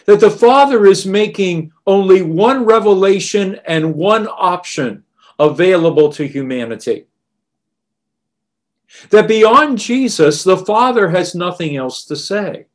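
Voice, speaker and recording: A man preaching a sermon in a deliberate, emphatic way. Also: high voice.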